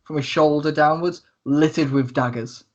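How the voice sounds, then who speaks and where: A man narrating a tabletop game as game master, describing scenes with many pauses and fillers. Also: fairly high pitch, steady tone, muffled recording.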